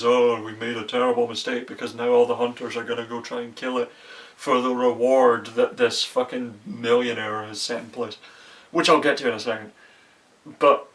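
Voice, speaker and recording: A young man rants through a movie review in a loose, rambling way, swearing often and restarting his sentences. His voice sits at a middling pitch and sounds a bit far from the microphone. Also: fairly bright tone. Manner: profane, exasperated, rambling with restarts. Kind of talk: casual ranting movie review.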